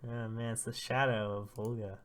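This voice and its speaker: Guy excitedly recapping a manga chapter, laughs a lot, bright punchy voice. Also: fairly low pitch, moderate pace. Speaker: host retelling a manga chapter. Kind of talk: casual read-through.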